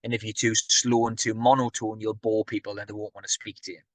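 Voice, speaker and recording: Energetic man giving business tips. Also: lowish voice, quick pace, no echo. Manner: energetic, conversational, asks the audience questions. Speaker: property business speaker. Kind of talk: motivational business talk.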